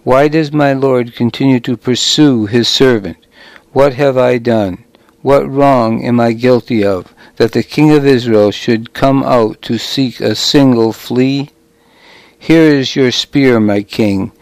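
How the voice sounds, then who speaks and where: A man voicing a commanding young warrior leader, harsh and loud. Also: medium pitch, slow pace, no room sound, low-quality recording. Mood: aggrieved pleading.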